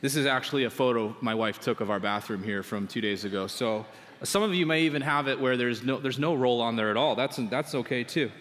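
A young male pastor delivers a sermon like a friendly chat, poking fun at himself as he tells everyday stories. His mid-pitched voice rings out in a large church hall with a long, trailing reverb. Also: fairly quick, fairly bright tone. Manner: conversational, self-deprecating storytelling.

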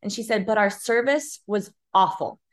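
A woman's voice: mid-range voice, moderate pace. A young woman, a podcast guest, telling a personal story and acting out other people's lines as she goes. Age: young adult. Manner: animated, acts out other people's voices in her stories.

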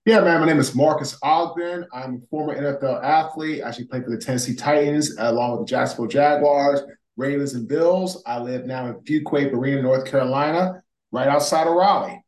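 Energetic man in an echoey room. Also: mid-range voice, fairly quick. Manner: energetic, animated storytelling. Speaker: guest, former pro football player. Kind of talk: interview storytelling. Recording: roomy echo.

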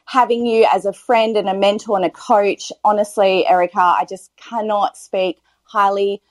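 A woman's voice: mid-range voice, steady tone, moderate pace, no echo. A gushing, effusive woman talks casually, heaping praise on the host. Her voice is dry and close, with almost no room sound. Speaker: listener and former coaching client. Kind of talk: casual chat. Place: online audio chat room.

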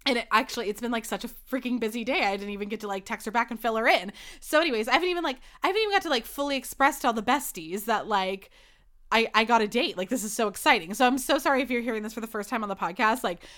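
A young woman hosts her own podcast solo, her voice on the high side with a fairly bright tone. She rambles in a flustered way, saying "like" a lot.

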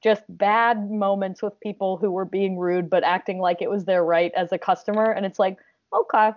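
A woman's voice: medium pitch, fairly even intonation, moderate pace. An American woman in her thirties, a comedy performer, chatting on a podcast in a rambling, giggly way with lots of fillers. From United States. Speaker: guest, improv comedian. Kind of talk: casual podcast chat. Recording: dry, muffled lo-fi audio.

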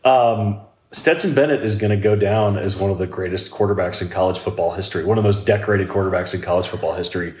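A man's voice: low voice, quick pace, a little mellow. A man co-hosting a casual roundtable chat, joking in wry banter with his friends. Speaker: podcast co-host. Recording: echoey room.

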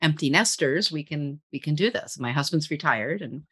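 Low-voiced, bright, chatty middle-aged woman. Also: lively intonation, normal speed, breathy edge. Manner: chatty, rambling, frequent laughs and restarts. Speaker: guest copywriter. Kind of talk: casual interview chat.

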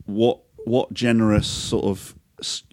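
A man's voice: lowish voice, level tone, takes it slowly, a little mellow, dry recording. A man co-hosting a podcast, telling stories in casual chat, swearing freely and quoting people a lot. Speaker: podcast co-host.

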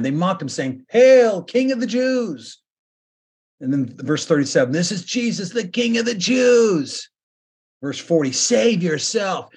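A man preaching a sermon as pastor, earnest, slowing down and lifting his voice to stress points. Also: mid-range voice, darkish tone, breathy edge. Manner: earnest preaching that slows and rises for emphasis.

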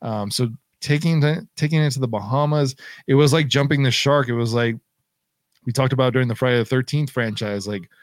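A man's voice: mid-range voice, fairly quick, no echo. Chill podcast guy chatting about movies, dry mic. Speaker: podcast co-host. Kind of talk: casual chat.

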